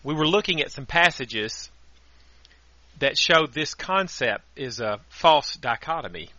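A male radio preacher gives a steady, earnest sermon and works scripture into it. His voice is bright and forceful and sits a little high. The audio is dry and dull, with a lo-fi radio sound. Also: measured pace, no echo.

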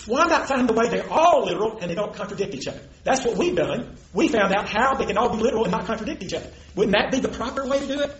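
An impassioned man preaching in an emphatic, argumentative way, his voice high and quick with lively swings of pitch. The recording carries the echo of a large room with a faint hiss underneath. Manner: emphatic, argumentative, quotes scripture. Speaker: preacher in a debate. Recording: echoey room with faint noise.

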